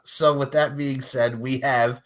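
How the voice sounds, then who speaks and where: A man hosting a casual wrestling podcast, excitable and jokey, laughing often and breaking into shouts. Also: medium pitch, unhurried. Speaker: podcast host.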